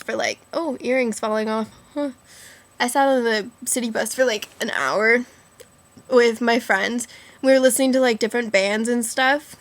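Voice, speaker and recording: A teenage girl vlogs casually, telling rambling stories in a fairly high, slightly bright voice. She giggles often and stuffs her speech with "like."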